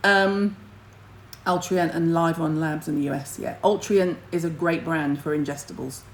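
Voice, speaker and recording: A woman's voice: low voice, normal speed, a little hiss or hum, rough recording. A middle-aged woman, hosting a casual skincare livestream and chatting to viewers in a blunt, rambling way, with the odd casual swear.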